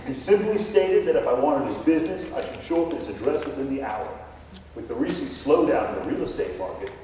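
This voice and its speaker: A man telling a comic tall tale as a contest speech, in a deadpan storytelling manner. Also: medium pitch, brisk, slight background noise. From Texas. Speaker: contest speaker. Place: contest stage in a hall. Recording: echoey hall from far off.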